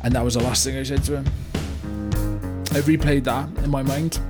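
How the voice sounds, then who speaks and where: An actor playing a remorseful older British business owner in a comedy monologue, with a rambling delivery full of "you know" and "right?". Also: male voice, medium pitch, steady tone, moderate pace, over loud music, natural voice. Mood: rueful. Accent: British English. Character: remorseful older male car yard owner, blunt. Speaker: business owner telling a story. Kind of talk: mock-documentary comedy monologue.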